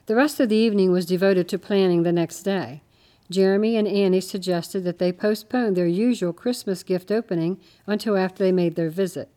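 Female storybook narrator, mellow tone, gently varies the voices. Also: fairly low pitch, fairly even intonation, moderate pace. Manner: gentle, changes her voice slightly for each character. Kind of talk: storybook reading with character voices.

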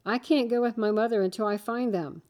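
A woman's voice: a little high, brisk, a little mellow, lightly acted. A woman reading the part of a little boy asking for help finding his shoes in a children's story. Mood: pleading.

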